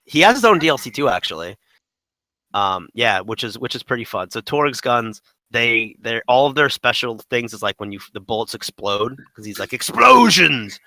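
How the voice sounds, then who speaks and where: A man co-hosting a casual gaming podcast, talking in a loose, rambling way with lots of "like" and "um". His voice is bright and forward, with a dry, close sound and no room in it. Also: mid-range voice, expressive, normal speed, dry recording, rough recording. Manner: rambling, full of "like" and "um". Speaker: podcast co-host.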